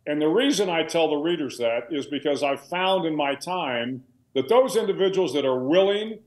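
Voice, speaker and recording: A man's voice: a little high, roomy sound, low-quality recording. A man in his sixties, a retired admiral and author, telling stories in a conversational way with restarts and fillers on a video call. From United States. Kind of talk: candid storytelling interview. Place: home room with a billiards table.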